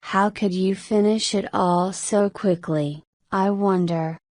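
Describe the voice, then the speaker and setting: An enraged, pompous middle-aged man , as a woman reads him in a storybook. He speaks at a very slow, measured pace, with a dry, close sound. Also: medium pitch, steady tone, no echo, close to an everyday voice. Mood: outraged. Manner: indignant, shouting.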